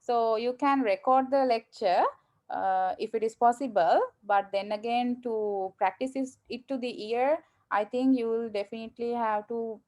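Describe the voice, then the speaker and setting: A woman's voice: fairly high pitch, moderate pace, a little mellow. A woman English teacher, answering students' questions in an online class, encouraging and hesitant. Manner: encouraging, hesitant with many fillers. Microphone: video call.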